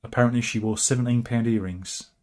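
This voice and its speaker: A man's voice: medium pitch, steady tone, fast, darkish tone. A man hosting casual satirical news commentary, sardonic and rambling, with chuckling asides. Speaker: host of a satirical news channel.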